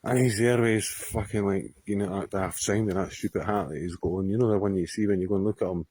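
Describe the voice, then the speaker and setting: A man's voice: lowish voice, fairly even intonation, fast, darkish tone, breathy edge, no echo. A Scottish man telling a story to camera outdoors on a hillside, rambling, swearing freely and often laughing. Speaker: vlogger.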